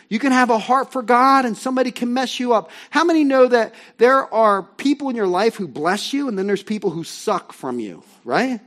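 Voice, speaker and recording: Lively high-voiced male pastor preaching. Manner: conversational, animated storytelling with asides to the congregation. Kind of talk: sermon.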